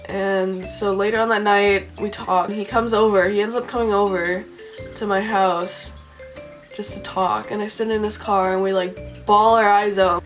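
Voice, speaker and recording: Young woman vlogging a storytime, says like constantly, mid-pitch, faint music behind. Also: fairly even intonation, measured pace. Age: young adult. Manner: says "like" constantly, chatty and emotional. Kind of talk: casual storytime.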